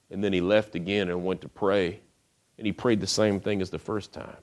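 Deep-voiced man preaching a sermon. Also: flat delivery, normal speed, a little mellow. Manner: storytelling, rhetorical questions, casual modern phrasing.

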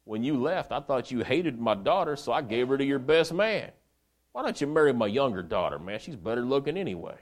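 A man's voice: medium pitch, sing-song, a little fast, pitched above the performer's own voice. Guy doing a brash offhand father-in-law, kinda pushy and dismissive.

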